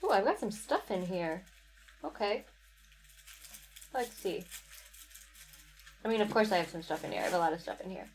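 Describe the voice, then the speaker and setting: A woman hosting a live craft sale stream. She chats loosely and answers viewers by name as she shows items. Her voice sits at an ordinary middle pitch for a woman. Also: expressive, moderate pace, long pauses. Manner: chatty, reads out viewer names and chat comments. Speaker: livestream sale host. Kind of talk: casual live sale chat.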